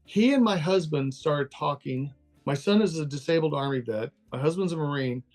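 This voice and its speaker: A man's voice: fairly high pitch, normal speed, darkish tone, soft background music. An older man from Texas, a guest in a casual interview, talking candidly and laughing easily. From Texas, USA. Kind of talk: casual interview over a call.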